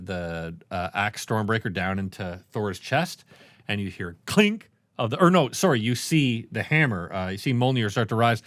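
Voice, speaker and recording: A man co-hosting a podcast in casual chat, animated and swearing often. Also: on the low side, dry recording. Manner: animated, swears a lot, acts out loud crowd voices. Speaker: podcast co-host.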